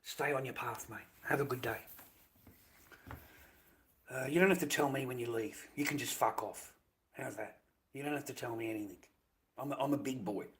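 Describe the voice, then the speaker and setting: A man's voice: mid-range voice, normal speed, long pauses, background noise. An Australian man rambling bluntly on his live stream, profane and dismissive, repeating himself and often dropping to a mutter.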